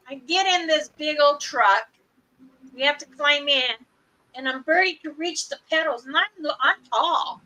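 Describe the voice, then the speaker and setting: A woman's voice: high voice, bright, forceful tone, low-quality recording. An older woman hosting a livestream, telling a funny family story casually and laughing often as she goes. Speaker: livestream host. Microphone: streaming mic.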